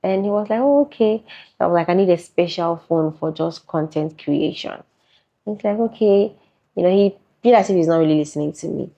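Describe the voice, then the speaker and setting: A chatty woman with a Nigerian accent answers interview questions in a low voice, laughing often. The recording is muffled and lo-fi. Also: brisk, dark tone. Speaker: interviewee, content creator.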